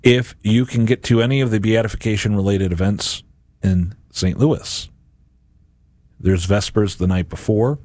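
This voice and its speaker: Speaking a little slowly in a voice on the low side, a male host of a Catholic radio and podcast show gives a homily-style reflection. He is animated and voices imagined characters, and the studio-quality audio has no room sound.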